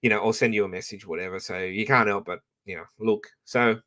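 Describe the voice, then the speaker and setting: A man's voice: fairly low pitch, fairly even intonation, fairly quick, a bit bright. An Australian man ranting casually to his live-stream audience, blunt and profane, rambling with frequent restarts.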